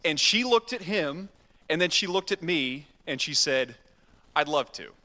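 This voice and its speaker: A man's voice: a little high, expressive, unhurried, bright, forceful tone. A man, preaching in a casual, self-deprecating storytelling way in a church. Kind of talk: storytelling sermon. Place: church sanctuary. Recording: reverberant church hall.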